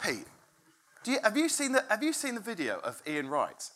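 Animated, bright-voiced preacher. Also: mid-range voice, moderate pace, slight background noise. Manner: animated, chatty, self-interrupting, laughs often. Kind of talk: informal sermon storytelling. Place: room with a congregation.

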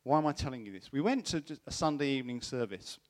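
A fast-talking middle-aged preacher with a medium-pitched voice recounts a personal experience during his sermon. He's animated, mimicking the voices of the people he quotes.

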